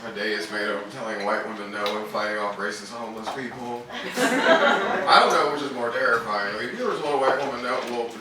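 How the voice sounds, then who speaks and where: A man in his thirties doing a stand-up comedy set on a club stage, with punchy, animated and crude delivery. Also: medium pitch, quick pace, a loud crowd. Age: 30s. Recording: noisy distant club recording with loud hall echo. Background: audience laughter.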